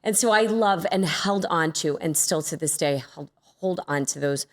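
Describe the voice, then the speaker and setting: A woman's voice: low-pitched, normal speed. A woman hosting a podcast, chatting casually and expressively while trading stories with her guest. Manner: chatty, expressive, reacts readily. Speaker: podcast host. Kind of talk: casual chat.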